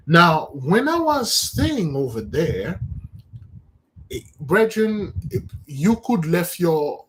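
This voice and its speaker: Emphatic man preaching on a live stream. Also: medium pitch. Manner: emphatic and repetitive, with many restarts. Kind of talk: impassioned livestream sermon.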